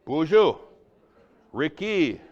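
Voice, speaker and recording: A man presenting a language workshop to a live audience, telling stories with lots of "hey?" and "right?", dropping to a hush and then rising loud. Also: a little high, extremely slow, highs cut off. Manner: animated storyteller, swings from hushed to loud, tag questions "hey?". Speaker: Ojibwe language teacher and presenter. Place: conference room.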